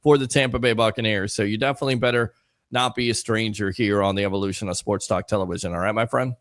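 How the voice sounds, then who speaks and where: A man's voice: on the low side, fairly even intonation, fast, a bit bright, no echo, clean studio sound. A man hosting a sports talk show, hyped and emphatic as he chats with his guests. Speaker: show host.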